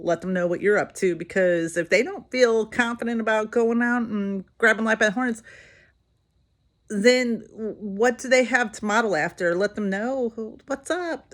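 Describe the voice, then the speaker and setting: A middle-aged woman chatting casually as she does her makeup, giving advice to her sales team and telling a story with voices for the people in it. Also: medium pitch. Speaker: direct sales team leader. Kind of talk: casual vlog advice while doing makeup.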